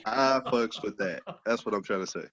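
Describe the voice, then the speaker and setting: A man's voice: on the low side, moderate pace, lo-fi sound, a crowd in the background. A man doing a loose, profane stand-up set over a video call, laughing at his own jokes. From Texas, USA. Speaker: stand-up comedian.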